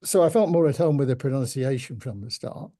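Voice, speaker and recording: An older man with a Yorkshire accent, telling stories in a measured, reflective way with gentle humour during an interview. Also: mid-range voice, lively intonation. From Yorkshire, England. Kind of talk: reminiscing conversation.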